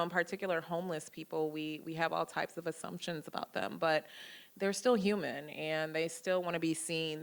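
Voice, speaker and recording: Bright-voiced woman telling lively stories. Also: on the low side. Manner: lively storytelling, acting out quoted dialogue. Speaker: guest lecturer. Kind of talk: public lecture with personal stories. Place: lecture hall.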